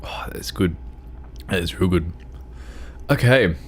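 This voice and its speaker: Australian male streamer, relaxed unhurried delivery, self-mocking humor, casual cursing. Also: low-pitched. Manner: joking, swears freely, self-deprecating. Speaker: game streamer. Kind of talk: casual livestream chat.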